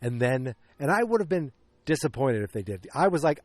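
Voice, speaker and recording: A man's voice: on the high side, big pitch swings, a little fast, a little mellow, no room sound. A man hosting a podcast, recapping a film casually, rambling with many restarts and acting out bits of dialogue. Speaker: podcast host.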